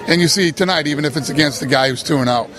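A man's voice: on the high side, racing, a crowd in the background. A man answering reporters' questions at a press conference in a blunt, casual way. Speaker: sports executive at press conference.

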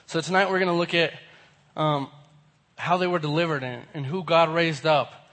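A young man with a hoarse voice from a cold, casually teaching a Bible lesson to a group and often asking them questions. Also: fairly high pitch, fairly even intonation, moderate pace, fairly bright tone. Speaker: youth pastor.

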